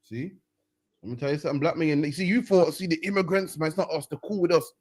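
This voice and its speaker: A man's voice: fairly high pitch, fast. A man hosting a reaction commentary, heated and mocking, ending phrases with "man". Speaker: host. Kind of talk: street preaching reaction commentary.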